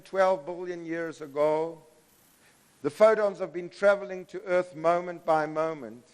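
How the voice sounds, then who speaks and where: A professor from South Africa lectures to a hall with a high, carrying voice. He stresses and repeats his key phrases and pulls the listeners in. The sound rings with a long hall reverb. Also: fairly bright tone. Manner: emphatic, repeats key phrases, draws the audience in. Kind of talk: public lecture.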